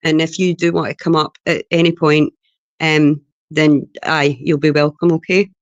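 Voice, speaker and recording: A woman's voice: deep voice, flat delivery, moderate pace, no room sound, highs cut off. A Scottish woman on a livestream panel, talking bluntly and swearing heavily. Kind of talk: heated livestream chat.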